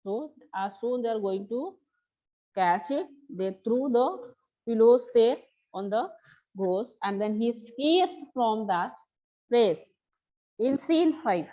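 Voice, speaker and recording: A woman's voice: fairly high pitch, expressive, slow pace. Woman teacher explaining. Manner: explanatory, repeats and paraphrases lines. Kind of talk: explaining a story to a class. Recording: slightly dull lo-fi recording.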